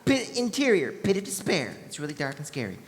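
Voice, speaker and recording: A narrator reads stage directions in a lively, casual voice and adds joking asides. The voice carries a long echo from the large convention hall. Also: mid-range voice, fairly quick. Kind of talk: live stage reading of a parody script.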